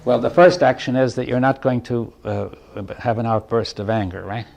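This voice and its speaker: A man giving a reflective talk to a group, thinking aloud in halting phrases, checking in with "right?" and chuckling lightly between points. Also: medium pitch, gravelly, darkish tone. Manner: thoughtful, halting, often asks "right?". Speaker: speaker leading a group dialogue.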